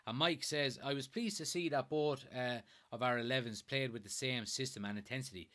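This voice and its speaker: A young Irish man from Kilkenny hosts a live stream and talks through viewer comments in loose, easygoing chat. His voice is bright and forward. He drops the odd curse and laughs easily between points. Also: mid-range voice, brisk. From Ireland. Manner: chatty, swears casually, laughs easily. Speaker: host of a fan live stream.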